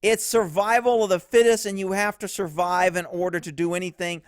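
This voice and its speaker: A man's voice: high voice, flat delivery, a little fast, no echo, studio quality. A man giving blunt, profane casual commentary on police footage. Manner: blunt, profane, laughs easily.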